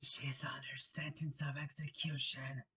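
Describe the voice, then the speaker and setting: A man voicing a timid, anxious rabbit who talks in a hushed, nervous way. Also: on the high side, animated, a little slow.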